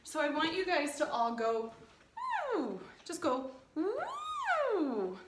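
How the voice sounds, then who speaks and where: A woman choir director leading a playful vocal warm-up at home, encouraging the singers. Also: high-pitched, a little slow, reverberant, very noisy. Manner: encouraging, playful, sings example phrases. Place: home room, rain outside.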